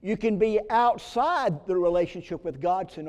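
Pastor, man, fairly high voice with mellow tone, preaching with big swings to whispers, long church reverb. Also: animated, normal speed, few pauses. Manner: dramatic swings from loud emphasis to hushed whispers. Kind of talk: sermon. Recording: long reverb of a large hall.

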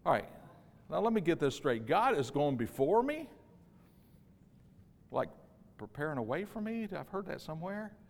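A man preaching a sermon, moving between quiet, tender stretches and loud, emphatic passages. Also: a little high, big pitch swings, normal speed, pauses often. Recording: long hall reverb.

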